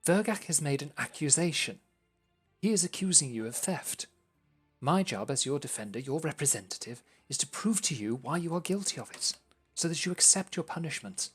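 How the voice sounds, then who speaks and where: A nervous rookie court defender fumbles through a tabletop game, voiced by a man pitched well above his own voice. He stammers and restarts, earnestly certain of the wrong thing. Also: expressive, normal speed, fairly bright tone, slightly rough, soft background music. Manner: stammering, flustered.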